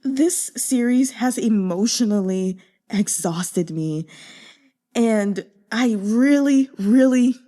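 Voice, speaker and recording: A woman who reads novels aloud talks off the cuff about the story, candid and exasperated. Her voice is mellow and fairly high. She uses lots of fillers as she speaks. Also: expressive, slow pace. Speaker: audiobook reader. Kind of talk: casual reader commentary.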